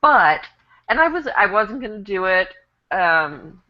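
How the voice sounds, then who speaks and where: A woman's voice: medium pitch, big pitch swings, measured pace. A woman presenting a topic on a panel show in a dry, sarcastic way. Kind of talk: casual panel chat. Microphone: video call. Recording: lo-fi online call audio.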